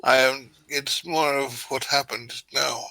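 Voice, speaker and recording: An actor voicing a cagey adult character who hedges and hesitates, in a tabletop game. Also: male voice, mid-range voice, fairly even intonation, slow, creaky, pushed and bright, a little hiss or hum, heavily acted, poor audio. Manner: hesitant, hedging.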